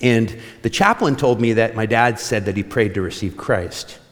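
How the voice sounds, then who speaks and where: A man's voice: fairly low pitch, normal speed. A man preaching a sermon with passion, stretching out key words for emphasis, as pastor of his congregation. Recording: long hall reverb.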